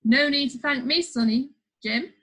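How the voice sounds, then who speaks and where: A woman's voice: high voice, measured pace, a bit bright. A woman voicing a rude, pompous male prime minister who shrieks and sneers in a storybook reading. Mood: smug.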